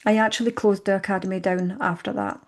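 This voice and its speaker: A woman in conversation, telling her own story reflectively and acting out her past thoughts in lively bursts. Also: mid-range voice, quick pace. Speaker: podcast guest.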